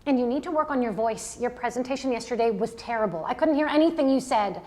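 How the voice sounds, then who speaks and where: A blunt, outspoken actress roommate, played by a woman on stage. She talks in a plain, slightly high voice and tells people exactly what she thinks. Her delivery is bossy and direct. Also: fast, darkish tone, close to an everyday voice. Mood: scolding. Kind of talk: stage play.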